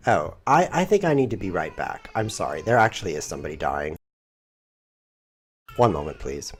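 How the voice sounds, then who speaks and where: A man's voice: low voice, sing-song, moderate pace, slight background noise. A man streaming a chess game, thinking aloud in a playful, rambling way. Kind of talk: live chess commentary.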